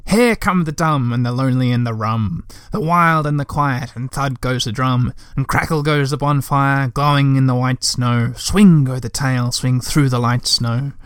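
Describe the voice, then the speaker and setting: A man voicing Tutiki, a calm, wise and sometimes stern female character in a storybook read aloud, who also chants a bonfire song. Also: medium pitch, normal speed, hardly any pauses, clear, resonant tone, dry recording, clean studio sound, close to an everyday voice. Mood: chanting. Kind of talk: storybook reading.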